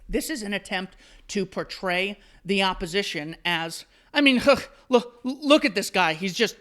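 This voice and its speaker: A man's voice: high voice, bright, forceful tone. A man hosting solo commentary, reading out an article and answering it with sarcastic, mocking asides. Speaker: commentary host.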